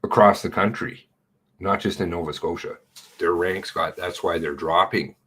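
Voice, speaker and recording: A middle-aged man talks through a livestream in loose running commentary, blunt and sarcastic. His voice sits very low and sounds husky and rough. He swears without a second thought. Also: steady tone, normal speed, a bit bright.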